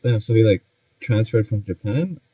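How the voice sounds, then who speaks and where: A man's voice: fairly low pitch, animated, moderate pace, mellow, husky, no echo. A young man co-hosting a podcast in casual chat, asking curious, teasing questions. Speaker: podcast co-host. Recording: muffled lo-fi mic.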